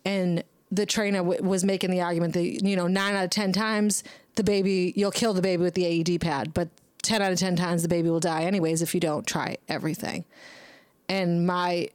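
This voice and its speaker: A woman's voice: on the low side, little pitch movement, brisk, no echo. A young woman hosting a casual monologue who rambles bluntly, swears heavily and scolds herself by name. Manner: talks back to herself by name. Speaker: podcast host.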